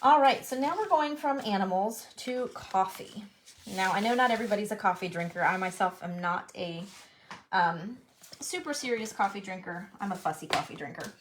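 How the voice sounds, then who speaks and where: A woman's voice: medium pitch, normal speed, a little hiss or hum. A woman chatting in a casual, enthusiastic way as she shows her handmade cards, sometimes thinking aloud. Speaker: card-making demonstrator. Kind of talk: casual show-and-tell crafting video.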